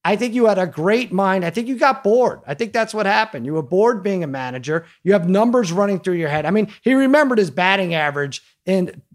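A man hosting a podcast, telling a story in a lively, casual way and acting out the quotes. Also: high-pitched. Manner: animated storyteller, acts out quotes. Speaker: podcast host.

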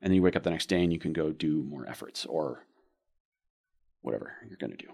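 A man's voice: a bass voice, expressive, fast, gravelly, a little mellow. A man co-hosting a podcast, explaining training ideas at length with rambling analogies. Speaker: podcast co-host. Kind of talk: casual podcast discussion.

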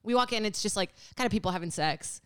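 Fast-talking woman, dry close sound. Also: mid-range voice, clean tone, no echo. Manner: rapid, full of "like" fillers, laughing. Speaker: podcast guest. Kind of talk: casual storytelling chat.

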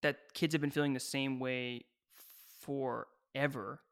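A man guesting on a podcast, talking in a rambling, animated way and slipping into playful voices. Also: mid-range voice, unhurried, vocal fry, clean tone. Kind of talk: casual chat.

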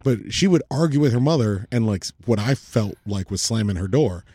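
Fast-talking husky man with a dark voice. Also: fairly low pitch, dry recording. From Southern California. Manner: rapid, animated, restarts often. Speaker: podcast co-host. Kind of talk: casual chat.

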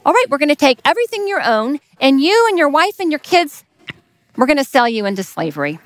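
A woman voicing a stern, forgiving king in a retold parable, speaking with command and then hushed reproach. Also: high voice, sing-song, a little fast, no echo, voice pushed up.

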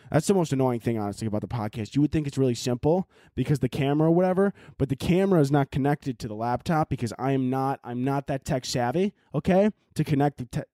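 A man's voice: mid-range voice, a little mellow, no room sound, clean studio sound. A young man hosting a solo podcast, ranting in an exasperated, rambling, profane way. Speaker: podcast host. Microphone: laptop and camera audio.

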